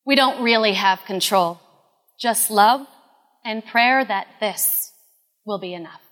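Woman in her 30s, earnest storyteller, hushed confessional delivery, long reverb. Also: mid-range voice, takes it slowly. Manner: earnest, confessional, often dropping to a hush. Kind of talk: live personal storytelling.

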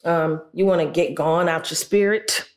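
A woman co-hosting a casual chat, talking slowly and earnestly and filling her talk with "you know". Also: sits low. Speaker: co-host.

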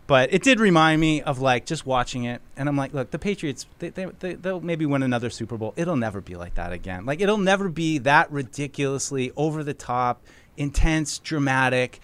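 A man co-hosting a casual sports talk show. He rambles and restarts his sentences, and his voice sounds smooth and clear at a middle pitch. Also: animated, fairly quick, a bit bright. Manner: rambling, self-interrupting storyteller. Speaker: co-host. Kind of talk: casual sports radio chat.

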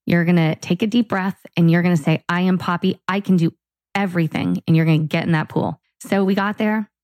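A woman's voice: fairly low pitch, a little fast, dry recording. A woman co-hosting a podcast, telling a family story in casual chat and acting out the dialogue. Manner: animated storyteller, acts out dialogue. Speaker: podcast co-host.

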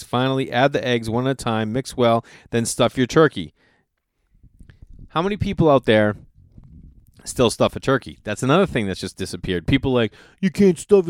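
A man's voice: mid-range voice, no echo, clean studio sound. A middle-aged man, chatting casually as a host and reading old recipes aloud with incredulous, swearing commentary. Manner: incredulous, exasperated riffing with swearing.

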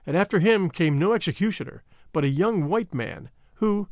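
A man narrating an adventure novel as an audiobook in an expressive, measured storytelling manner. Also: high voice, no room sound, studio quality.

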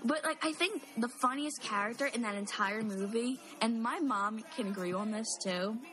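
A giggly, animated woman in casual conversation, happily acting out favorite lines. Her voice is high and very bright, with a sharp edge. Faint music plays in the background. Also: moderate pace. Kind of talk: casual chat about a movie.

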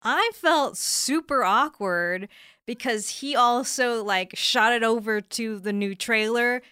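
A woman co-hosting a casual gaming chat, mostly agreeing briefly and adding quick remarks. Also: a little high, pushed and bright, clean tone, no room sound, clean studio sound. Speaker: podcast co-host.

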